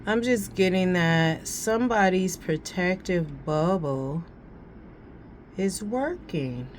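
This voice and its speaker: A woman's voice: fairly low pitch, expressive, slow, slight background noise. A woman giving a casual tarot reading, thinking aloud in a slangy way and repeating phrases as she goes. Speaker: tarot reader.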